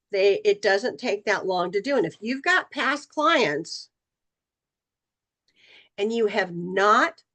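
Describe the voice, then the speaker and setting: Speaking in a medium pitch with a fairly bright tone, this middle-aged woman trains real estate agents in a conversational way. Now and then she plays out bits of client dialogue.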